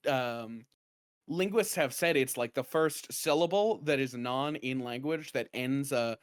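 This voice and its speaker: A man's voice: medium pitch, unhurried, smooth, no echo. Man, southern or southwestern upbringing, podcast co-host, rambling, laughs a lot, dry sound. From American South or Southwest. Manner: rambling, laughs often, many "like" fillers. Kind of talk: casual podcast chat.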